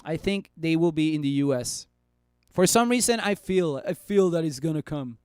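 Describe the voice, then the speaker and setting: High-voiced, chatty male stock streamer. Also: animated, moderate pace, darkish tone, smooth, no room sound, studio quality. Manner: chatty, bantering with chat. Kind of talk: casual live stock analysis.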